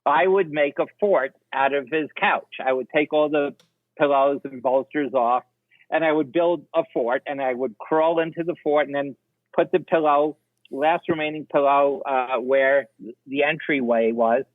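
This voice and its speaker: A man's voice: fairly high pitch, moderate pace, dry recording. Older man telling stories over a tinny line. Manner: animated, acts out the people he quotes. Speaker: film director guest. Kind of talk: anecdotal interview storytelling. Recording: dry, tinny phone-like line.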